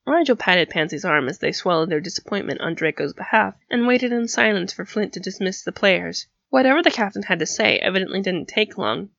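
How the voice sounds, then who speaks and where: A woman narrating a story in an even, steady storytelling manner. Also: mid-range voice, gravelly, no room sound, highs cut off. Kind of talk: audiobook reading of fan fiction.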